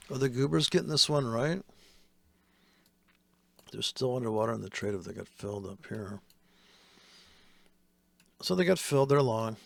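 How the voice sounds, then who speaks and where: A man's voice: medium pitch, gravelly, dry recording. A man giving casual, profane and sarcastic commentary while trading live.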